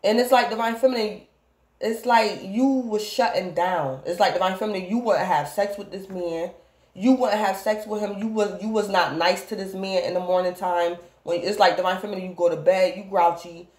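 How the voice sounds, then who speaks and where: Woman tarot reader, casual and rambling, mid-pitched voice, recorded in a roomy space. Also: normal speed, a little mellow. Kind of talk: casual tarot reading to camera.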